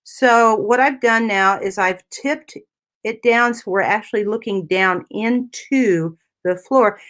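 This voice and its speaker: A woman's voice: mid-range voice, takes it slowly, a bit bright. A woman physical therapist explaining anatomy step by step on a talk radio show, often checking in with "right?" and "you know".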